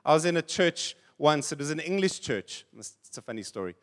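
A man's voice: a little high, sing-song, moderate pace. A man preaching a sermon in a conversational way, mixing scripture with funny anecdotes. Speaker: pastor.

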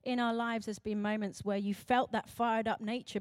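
A British woman preaching a sermon in an animated, chatty way, acting out quotes and laughing at herself. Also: mid-range voice, moderate pace, dry recording, studio quality. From Britain.

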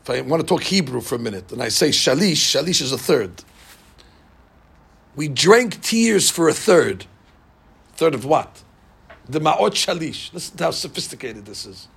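Bible class teacher, man, high gravelly voice, animated and quizzing the class. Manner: animated, asks the class questions. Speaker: Torah teacher.

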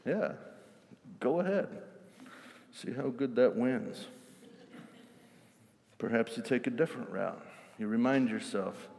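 A man's voice: fairly low pitch, lively intonation, unhurried, vocal fry, pauses often. A male pastor preaching a sermon with intensity, animatedly acting out everyday scenes. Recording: long hall reverb.

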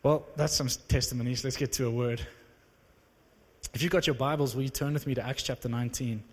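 Young South African preacher in a hall. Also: male voice, medium pitch, fairly quick, breathy edge. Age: young adult. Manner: animated storytelling, rising to excited exclamations. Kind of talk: sermon with personal testimony. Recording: reverberant hall.

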